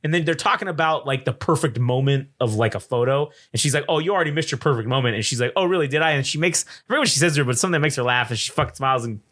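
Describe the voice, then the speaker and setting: A man's voice: mid-range voice, very fast, few pauses, fairly bright tone. A man co-hosting a casual film review chat, animatedly retelling scenes and acting out the characters' lines, with frequent swearing. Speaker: podcast co-host.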